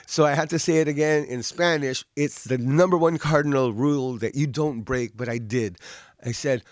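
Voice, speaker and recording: A man performing a stand-up comedy routine, telling an animated story and acting out the people in it. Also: medium pitch, brisk, dry recording, clean studio sound. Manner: animated storytelling with voiced characters.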